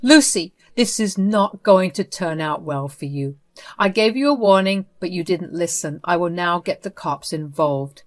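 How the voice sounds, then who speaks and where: A woman's voice: fairly low pitch, measured pace, natural voice. A woman voicing a furious young mother who speaks in an angry, threatening way. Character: furious young mother confronting her child's abductor.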